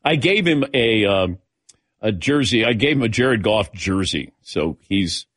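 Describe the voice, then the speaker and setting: A man's voice: on the low side, expressive, measured pace, fairly bright tone, no room sound, clean studio sound. A man hosting a sports talk show, chatting casually and calling on his crew by name with frequent chuckles.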